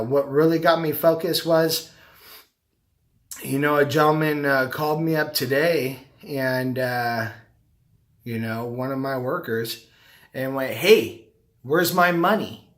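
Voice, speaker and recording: A man's voice: mid-range voice, fairly even intonation, unhurried, fairly bright tone. A middle-aged man talking casually to the camera, rambling and repeating himself. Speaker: vlogger, carpet cleaner and business owner.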